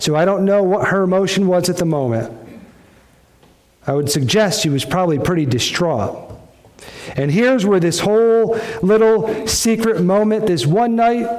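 A middle-aged male pastor preaching a sermon, retelling a scripture story with emphatic, storytelling delivery. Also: a little mellow. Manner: storytelling with sudden swings in pitch and pace, emphatic.

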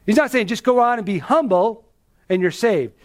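Animated and at a moderate pace, a man preaches an expository sermon. He stresses his points emphatically, raises rhetorical questions, and dips his voice dramatically for gravity.

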